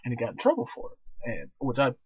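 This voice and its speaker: A man's voice: mid-range voice, huge pitch swings, quick pace, breathy edge, no echo. A young man casually telling a profane story, laughing and swearing often, with rambling restarts. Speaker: vlogger telling stories. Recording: dull lo-fi dry recording.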